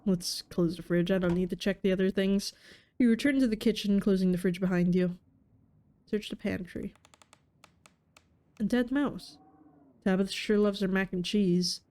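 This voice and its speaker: Mellow-voiced woman reading a game aloud. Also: medium pitch, moderate pace, pauses often. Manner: playful, laughs at her own reading. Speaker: let's player. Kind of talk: reading game text aloud with casual commentary.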